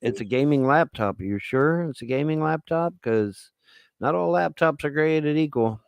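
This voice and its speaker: A man's voice: a little high, animated, moderate pace, gravelly, smooth, no room sound. A man live-streaming, ranting angrily and profanely with threats. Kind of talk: heated live-stream rant.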